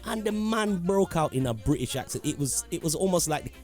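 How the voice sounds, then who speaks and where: A man co-hosts a morning radio show in a casual way, and his voice swings high and low. He is playful and often slides into sing-song greetings. Faint music plays underneath. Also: animated, brisk, darkish tone. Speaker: radio co-host. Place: home in London.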